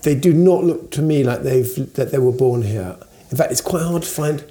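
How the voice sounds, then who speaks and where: Teasing man asking questions, mellow voice. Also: mid-range voice, normal speed. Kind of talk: casual chat. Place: outdoors by a harbour.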